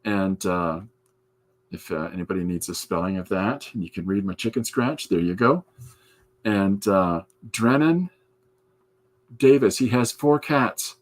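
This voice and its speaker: Drawing in his art studio, this comic artist hosts a podcast live-stream, chatting with viewers and reading their comments aloud to respond. He speaks in a deep voice at a measured pace.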